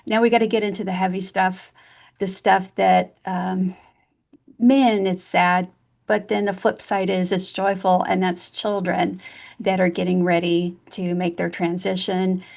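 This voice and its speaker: A woman's voice: fairly low pitch, little pitch movement, a little slow, vocal fry, a little mellow. A woman hosting an interview podcast, talking in an affirming, conversational way before asking her guest a question. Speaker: podcast host. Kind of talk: casual interview.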